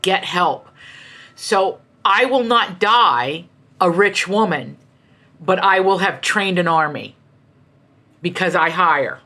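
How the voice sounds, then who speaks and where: A middle-aged American woman, an author appearing as a guest in an interview, tells family stories with passion and emphasis, often slipping into quoted voices. Her voice sits fairly low and sounds bright and forceful, slow in pace yet highly expressive. It's animated, conversational storytelling.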